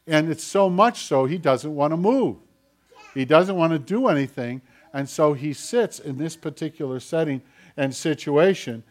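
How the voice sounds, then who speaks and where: A man preaching a sermon, swinging from urgent, raised passages to hushed, quiet ones. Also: a little high. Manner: dramatic shifts between loud urgency and hushed quiet. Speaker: pastor.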